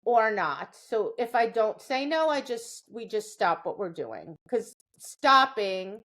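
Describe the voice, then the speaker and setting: Woman dog trainer, podcast co-host, chatty explainer, slightly high voice. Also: sing-song, takes it slowly, fairly bright tone. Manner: explanatory, keeps checking in with "right?". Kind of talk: casual podcast chat.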